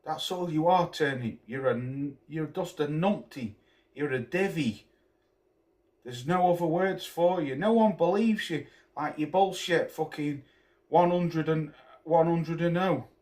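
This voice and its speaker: A man's voice: a little high, a little slow, darkish tone. Scornful man ranting about boxing. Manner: scornful, swearing, name-calling. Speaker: boxing commentator vlogger. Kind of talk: angry rant to camera.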